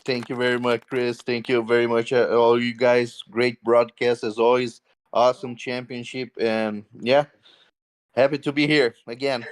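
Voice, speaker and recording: A man's voice: mid-range voice, little pitch movement, moderate pace. A man, a sim racing driver, giving his first post-race interview. He speaks hesitantly, with many fillers, and laughs often.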